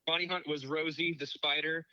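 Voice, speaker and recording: A man co-hosting a podcast, joking and rattling off trivia about a film. His voice is very bright and sharp. The recording is dry and a little dull. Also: fairly high pitch, steady tone, normal speed, dry recording. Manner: trivia-listing, jokey. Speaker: podcast co-host. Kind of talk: casual movie discussion.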